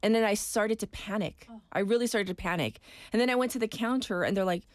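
Fast-talking woman. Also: medium pitch, dry recording. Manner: chatty, fast storytelling with laughs. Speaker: podcast co-host. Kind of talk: casual chat.

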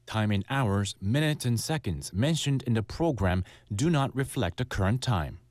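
A man reading a formal station notice in a measured, even way. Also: fairly low pitch. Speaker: station announcer. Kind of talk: formal recorded announcement.

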